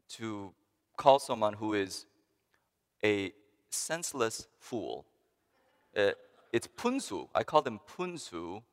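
A man delivering a sermon with a mid-range voice that swings widely in pitch. He climbs to emphatic peaks and then drops to quiet asides. His voice carries a long reverb, as if spoken in a large church hall. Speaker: pastor.

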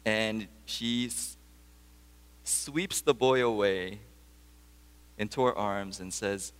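Speaking slowly and pausing often, this pastor tells stories and questions his congregation during a sermon. He has a fairly low, clear, resonant voice, and the sound trails off in long reverb.

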